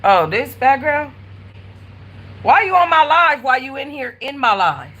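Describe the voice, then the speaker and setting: A woman hosting a live stream from her apartment, telling animated, slangy stories with blunt cursing. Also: high voice, unhurried, lo-fi sound. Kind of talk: casual live-stream chat. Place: at home in an apartment.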